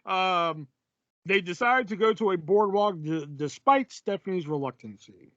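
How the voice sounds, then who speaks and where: A man's voice: high voice, moderate pace, a bit bright, no echo, dull audio. A man co-hosting a podcast, casually recapping a film with lots of fillers and laughs. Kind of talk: casual chat.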